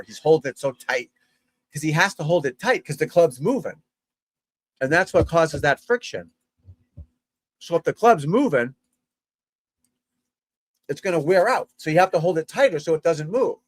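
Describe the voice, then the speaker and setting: A man's voice: fairly high pitch, dry recording. A man, a golf instructor, giving casual livestream commentary in a blunt, chatty way, swearing freely and talking straight to his viewers. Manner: blunt, profane, chatty, addresses viewers as folks and guys.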